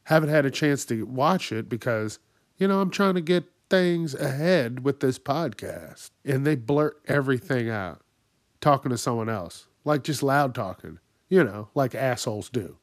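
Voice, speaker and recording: Man, podcast host, angry profane rant, mid-pitched, dry close sound. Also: lively intonation, moderate pace, dry recording. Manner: angry, swears constantly, acts out other people in raised voices. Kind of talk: profane ranting monologue.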